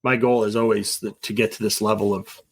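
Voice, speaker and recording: A man's voice: lowish voice, little pitch movement, brisk. A middle-aged man as an interview guest, talking in an earnest, rambling way and now and then acting out quoted voices. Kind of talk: casual conversation.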